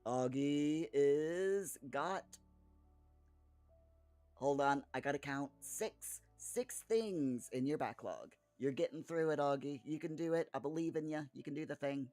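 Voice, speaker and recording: A man's voice: fairly high pitch, measured pace, darkish tone, no room sound, faint music behind. A man in casual chat, answering viewers by name in a rambling way with frequent restarts and chuckles. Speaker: streamer reading chat.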